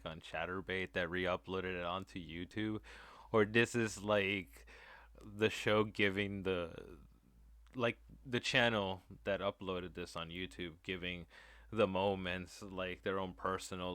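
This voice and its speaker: Male reaction host, sarcastic rambler, crisp smooth voice, slightly low. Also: fairly bright tone, no echo. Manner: mocking, rambling asides. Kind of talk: casual sarcastic commentary.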